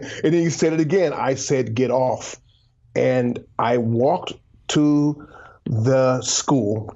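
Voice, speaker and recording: A man's voice: medium pitch, a little mellow. A man telling a motivational story as a guest, emphatic, repeating words and dropping to a near whisper for emphasis. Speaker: guest, former pro football player and author. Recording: dull lo-fi sound.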